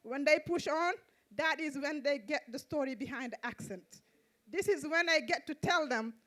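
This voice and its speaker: A woman with a Mauritanian accent, a native Fulani speaker, reciting a spoken-word poem in a measured, rhythmic way on an outdoor festival stage. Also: sits high, a bit bright. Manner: measured, repetitive rhythmic delivery. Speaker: poet and event host.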